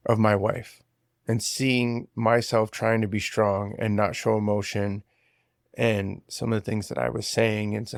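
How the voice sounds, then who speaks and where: Earnest low gravelly young man. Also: dry recording, clean studio sound. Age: 20s. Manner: emotional, earnest storytelling with fillers. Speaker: podcast guest. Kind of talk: personal testimony.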